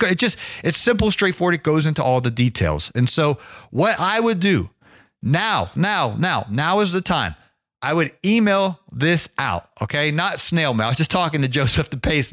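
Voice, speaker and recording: A middle-aged man hosting a podcast, coaching business owners in an energetic, folksy monologue that often repeats words as he restarts. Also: fairly high pitch, no echo, clean studio sound.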